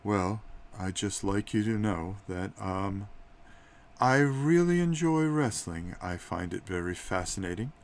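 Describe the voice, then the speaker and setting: A man voicing a deadpan male coroner who took up wrestling, speaking in a dry, joking way. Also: fairly low pitch, pitched below the performer's own voice. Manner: deadpan, slow, dry jokes.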